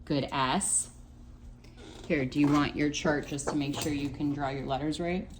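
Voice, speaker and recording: A woman's voice: sits low, fairly even intonation, unhurried. A young woman teaching her child at home, patient and full of praise, now and then talking to the viewers. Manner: encouraging, patient, lots of praise. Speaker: homeschooling mother. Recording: faint background noise.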